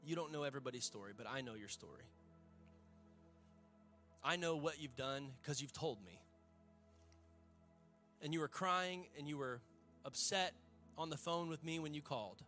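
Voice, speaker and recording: A man's voice: fairly high pitch, normal speed, long pauses, pushed and bright, soft background music. A male pastor, preaching a sermon to a church congregation in a fervent, conversational way with folksy asides.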